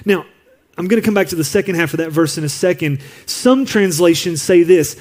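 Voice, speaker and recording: A man's voice: sits high, brisk, a little mellow. A man preaching a sermon as a pastor, telling a personal story in an earnest, confiding way. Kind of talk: sermon on parenting. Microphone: recorded apart from the congregation.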